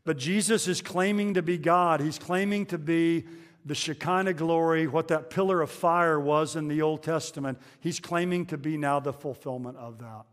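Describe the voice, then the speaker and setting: A man preaching a conversational sermon to his congregation, pausing with fillers and restarting phrases. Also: on the high side, big-room sound. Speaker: pastor.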